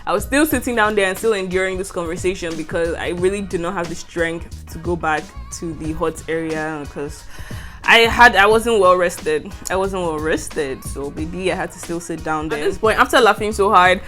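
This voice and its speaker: Soft music sits under this storytime vlog from a young woman from Nigeria who is a university student. Speaking briskly in a fairly low, fairly bright voice with a Nigerian English accent, she relates a story from university and laughs a lot.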